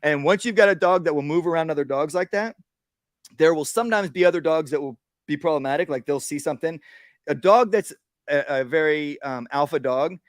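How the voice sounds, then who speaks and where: A man's voice: fairly high pitch, no echo, studio quality. Casual man teaching dog training outdoors. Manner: casual, acts out dog and owner voices. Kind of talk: outdoor workshop talk. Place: outdoors at a workshop.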